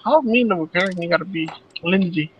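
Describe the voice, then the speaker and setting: A man co-hosting a casual show, loud and excitable, swearing as he talks. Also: sits high, fairly quick, dull audio, a little hiss or hum. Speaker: co-host. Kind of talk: casual chat.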